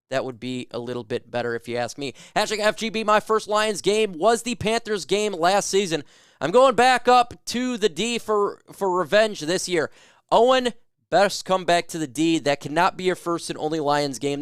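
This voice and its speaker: A man in a somewhat high register runs a casual fan livestream, reading out viewer questions and firing back loose, joking opinions. His voice comes through clean and smooth. The sound is dry and close, with no room around it. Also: no room sound. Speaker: sports talk livestream host. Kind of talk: casual live chat answering viewer questions.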